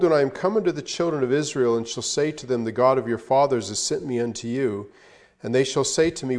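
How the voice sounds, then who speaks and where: Man teaching a Bible lesson. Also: mid-range voice. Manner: reads scripture aloud, then explains it with fillers and emphasis.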